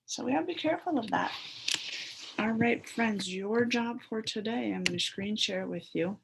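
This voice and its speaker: A woman teacher giving a phonics lesson to young children over a video call, sounding out letters slowly and clearly. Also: fairly high pitch, background noise.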